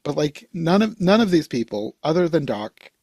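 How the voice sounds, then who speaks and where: Male podcast host, relaxed and dry-witted, dry close recording. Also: normal speed, gravelly, dry recording. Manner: laid-back, wry, trails off with low asides. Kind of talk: casual movie review chat.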